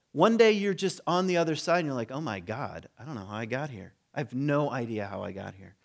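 A man delivering a relaxed, conversational sermon at a slightly higher pitch than most men. He tells the story with humor and dips into quick impressions of the characters as he goes. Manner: animated storytelling, acting out quoted voices with humor. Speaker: preacher.

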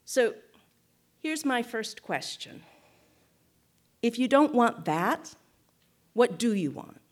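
Slow, measured woman giving a reflective teaching. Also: a little high, very animated. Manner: measured, thoughtful, with frequent restarts and "right?" checks. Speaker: guest speaker.

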